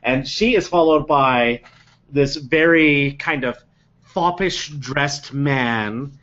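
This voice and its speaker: Slow, halting man running a tabletop game. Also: medium pitch, a bit bright, dull audio. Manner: unhurried, halting, with many ums. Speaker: game master.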